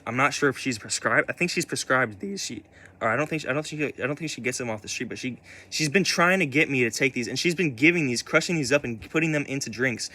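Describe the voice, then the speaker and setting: A man's voice: medium pitch, animated, quick pace, pushed and bright. A young man telling a personal story in a casual way. He stumbles, restarts and repeats himself often, swears, and sounds upset. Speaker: vlogger.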